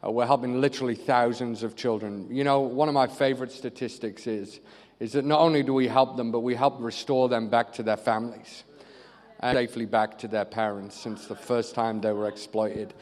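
A man from northeast England with a northeast English accent, preaching a lively, joking sermon. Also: mid-range voice, a little fast. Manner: lively, joking, animated storytelling. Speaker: pastor and charity leader. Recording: reverberant hall.

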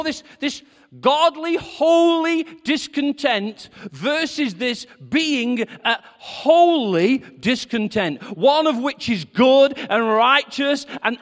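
Lively high-voiced man preaching in a hall. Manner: lively, conversational, acts out quotes. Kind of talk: sermon. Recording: reverberant hall.

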